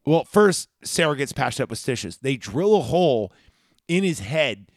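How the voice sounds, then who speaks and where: A man recapping a film on his podcast, rambling and full of fillers. His voice sits at an everyday middle pitch. The sound is close and dry. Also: big pitch swings, unhurried, no echo. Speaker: podcast host. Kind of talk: casual chat retelling a movie.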